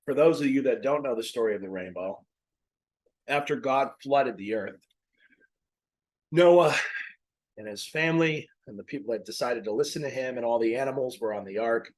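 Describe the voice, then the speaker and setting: A man's voice: medium pitch, a little fast, low-quality recording. A man hosting his own podcast, talking casually and rambling through self-corrections, a little out of breath. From Maine. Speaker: podcast host. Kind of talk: casual faith talk.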